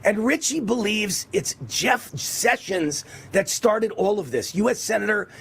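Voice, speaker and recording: A man hosting a political talk show, delivering an emphatic, repetitive monologue in a raspy voice. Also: high voice, lively intonation, unhurried. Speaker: radio and TV host.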